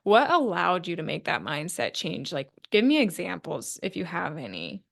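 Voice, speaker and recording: A woman's voice: fairly low pitch, huge pitch swings, normal speed, vocal fry. A woman hosting a podcast, asking questions and reflecting earnestly in casual conversation. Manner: earnest, reflective, lots of fillers. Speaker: podcast host. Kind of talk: casual interview chat.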